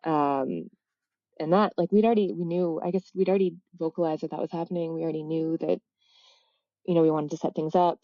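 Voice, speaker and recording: A woman in her thirties telling a personal story as a podcast guest, halting and reflective, full of "like" fillers and self-corrections. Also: low voice, steady tone, no echo, highs cut off. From United States. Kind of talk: candid personal storytelling in a casual interview.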